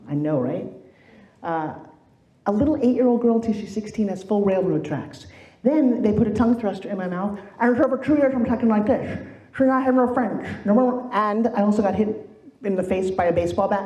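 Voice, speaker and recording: Middle-aged female keynote speaker, animated storyteller, mellow tone, roomy echo. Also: mid-range voice, lo-fi sound. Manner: animated storytelling, acts out quoted voices. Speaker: motivational speaker. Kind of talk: motivational keynote speech. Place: stage in a large room.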